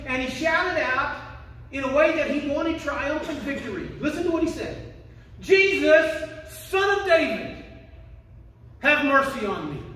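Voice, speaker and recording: A man preaching a sermon as pastor, emphatic and building to shouted quotations. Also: very high-pitched, a little hiss or hum. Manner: emphatic preaching, rising to shouts when quoting. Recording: echoey, distant room mic.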